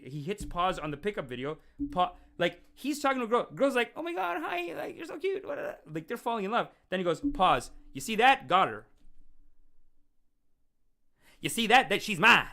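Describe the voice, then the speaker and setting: A young man hosting a casual call-in show, rambling and animated, often restarting his sentences and acting out quotes. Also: on the high side. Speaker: show host and self-styled spiritual teacher. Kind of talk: casual livestream call-in talk.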